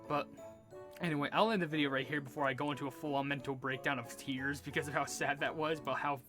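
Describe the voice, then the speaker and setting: A young man gives casual gameplay commentary in a slightly high voice. He rambles earnestly with lots of fillers while faint game music plays underneath. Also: fairly even intonation, fast talker. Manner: rambling, full of likes, earnest and emotional. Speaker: gaming YouTuber.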